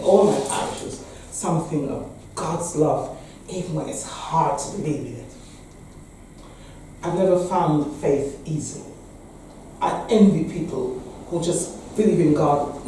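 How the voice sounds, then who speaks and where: An English parish priest in her sixties delivers a frank, wry address to a meeting, laughing frequently. The voice is low and dark in tone. It is captured from a distance in a hall full of echo, with faint background noise.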